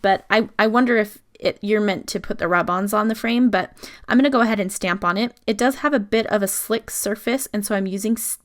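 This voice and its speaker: A woman's voice: medium pitch, a bit bright. An adult woman chatting through a casual scrapbooking voice-over, explaining each step as she works. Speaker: scrapbooking video host.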